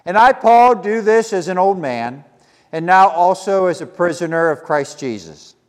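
Stuttering pastor in a reverberant church. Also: male voice, high-pitched, expressive, moderate pace. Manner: stutters, self-deprecating, informal asides. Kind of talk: sermon with prayer and scripture reading. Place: church sanctuary.

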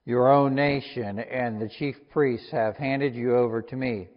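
Pilate, an uneasy Roman governor questioning a prisoner, read by a man in plain, medium-pitched tones. The audio is dull and lo-fi, with a long reverb. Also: fairly even intonation, unhurried, natural voice.

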